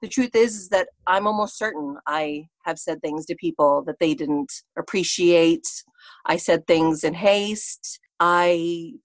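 A woman's voice: on the low side, a little slow, no room sound. A middle-aged woman, a guest in a casual interview, telling personal stories in a chatty way, full of fillers and quoting herself.

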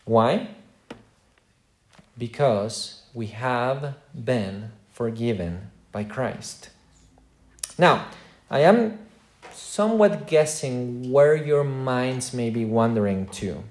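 A man preaching a sermon in a middle-pitched voice, earnest and direct. He puts questions to his congregation and swings between loud emphatic lines and quiet asides. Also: animated, drawn-out words, pauses often. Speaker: pastor.

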